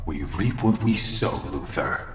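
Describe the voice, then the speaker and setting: An actor voicing a bitter, vengeful young male archer in an animated series, tense and prone to shouting. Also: very deep voice, measured pace. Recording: cartoon clip with reverb and music.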